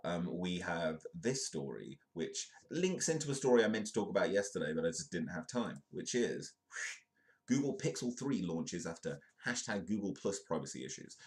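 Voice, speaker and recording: A man's voice: sits low, darkish tone. A man who is ill hosts a comedic news livestream, reading articles aloud and adding rambling, sardonic, self-mocking asides. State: ill, voice affected.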